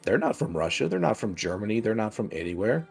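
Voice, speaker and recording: A man chatting casually on a game stream, animated and quick to laugh, talking about his own storytelling. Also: fairly low pitch, gravelly, breathy edge, faint music behind.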